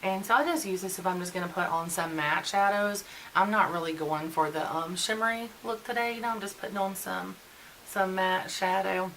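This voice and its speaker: A woman's voice: medium pitch, moderate pace, a bit bright, slight background noise, low-quality recording. A woman in her forties chatting casually and venting while doing a get-ready-with-me beauty vlog. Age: 40s. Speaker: beauty vlogger.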